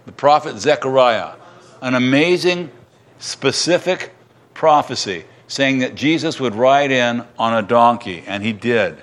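A man's voice: mid-range voice, lively intonation, measured pace, fairly bright tone. A man preaching a sermon, reading scripture aloud and retelling it in casual everyday words.

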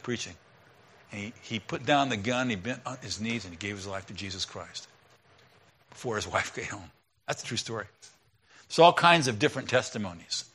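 Bright-voiced male pastor preaching. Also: mid-range voice. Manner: conversational preaching, swinging from loud emphasis to quiet asides. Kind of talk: sermon.

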